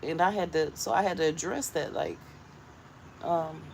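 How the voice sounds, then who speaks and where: Woman vlogger, lowish voice, chatty and rambling, laughs a lot, recorded in her garden with faint traffic behind. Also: moderate pace, gravelly, a little mellow. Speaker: vlogger talking to viewers. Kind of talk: casual storytelling chat. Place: outdoors in a home garden.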